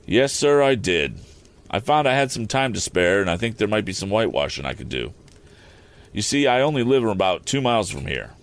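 A man putting on a slow, drawling old laborer. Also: on the low side, big pitch swings. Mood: hearty. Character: folksy older working man, slow drawl.

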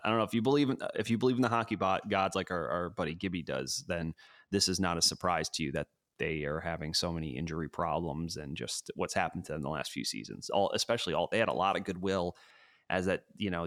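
A man's voice: low voice, a bit bright, no room sound, clean studio sound. A man co-hosting a casual sports podcast from his living room, rambling and hedging with lots of fillers. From New York City. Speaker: podcast co-host.

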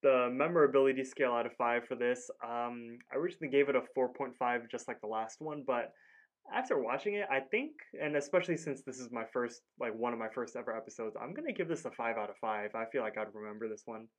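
A man's voice: medium pitch, fast talker. A man co-hosting a podcast, chatting casually through a cartoon episode recap, rambling with lots of "like" and acting out the characters' lines. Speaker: podcast co-host.

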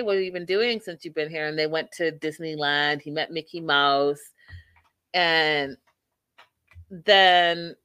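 A woman's voice: lowish voice, bright, forceful tone, clean tone. A woman hosting a casual live-stream recap of reality TV, chatty and opinionated, with many fillers.

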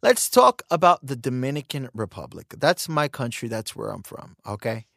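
An American man hosting a podcast in a casual ranting monologue, animated and emphatic, repeating words for emphasis. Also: mid-range voice, normal speed, creaky, no echo, studio quality. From United States. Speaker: podcast host.

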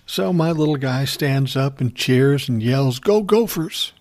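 A man's voice: medium pitch, steady tone, a little slow, darkish tone. Middle-aged man from Minnesota, casual profane ranter, laughs between lines. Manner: profane, blunt storytelling with chuckles. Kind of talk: casual ranting monologue.

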